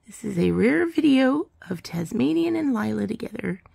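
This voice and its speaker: A woman's voice: fairly high pitch, very animated, moderate pace, gravelly, mellow, slightly rough. A woman filming her cats on a phone, chatting to them affectionately in a casual pet vlog. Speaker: vlogger.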